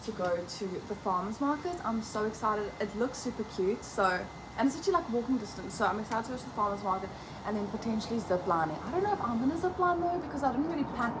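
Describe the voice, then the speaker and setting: A woman's voice: medium pitch, noisy background. A young woman in her twenties with a South African accent, chatting casually and cheerfully to her phone camera in a vlog, full of fillers and laughs. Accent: South African English. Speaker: vlogger. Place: in a car, then at home.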